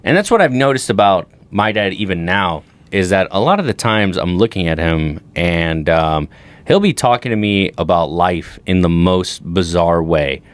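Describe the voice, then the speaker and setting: A young adult man on a comedy podcast, telling profane stories about his dad and mimicking him in a lower, flatter voice. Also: normal speed. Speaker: podcast co-host. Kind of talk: casual comedy podcast chat.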